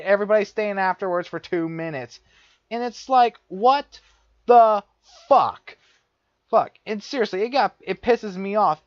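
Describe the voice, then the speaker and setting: Cursing and repeating himself in exasperation, a young man vlogs a personal story as a rant. His voice is high-pitched, and the dull, lo-fi recording is dry with no echo.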